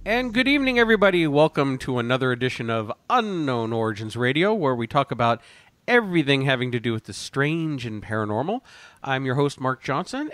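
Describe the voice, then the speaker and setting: A man's voice: fairly high pitch, a bit bright, dry recording. A man hosting a paranormal radio talk show, friendly and upbeat in casual banter.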